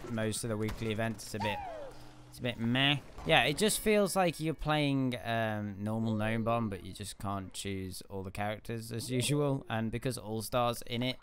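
A young man giving excitable let's-play commentary, laughing often and yelling at his teammates. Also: mid-range voice, a little hiss or hum. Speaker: gaming video host.

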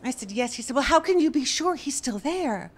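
A woman comedian doing stand-up storytelling on a club stage, wry and deadpan, rising to exasperated bursts. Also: high-pitched, brisk, heavy background noise. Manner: deadpan, wry delivery that rises to exasperated outbursts. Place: comedy club stage before a laughing audience.

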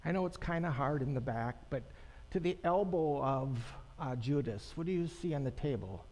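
A pastor giving a sermon to his congregation in a conversational, unhurried way, pausing and making asides to the people in the pews. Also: medium pitch, expressive, darkish tone. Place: church sanctuary. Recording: long church reverb.

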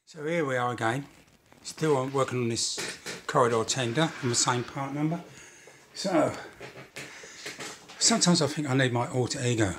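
A man's voice: mid-range voice, moderate pace, a bit bright, a little hiss or hum. An older man chatting casually as he narrates building a model railway kit, rambling and self-deprecating.

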